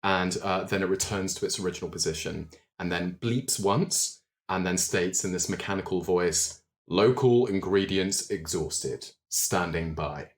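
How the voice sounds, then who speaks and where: Low-voiced man running a game. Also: fairly even intonation. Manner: measured, with frequent ums. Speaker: game master. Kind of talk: narrating a tabletop game.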